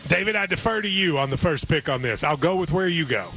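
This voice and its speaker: A man's voice: a little high, lively intonation, pushed and bright, faint music behind. A man hosting a sports radio show, chatting casually and joking about betting picks. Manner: joking, offhand, quick asides.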